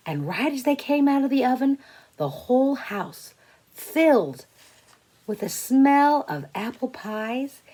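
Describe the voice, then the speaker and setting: A woman teacher tells a silly story to young children. Her speech is slow and deliberate, and her pitch rises and falls in a lively, expressive way. She invites the little listeners to join in.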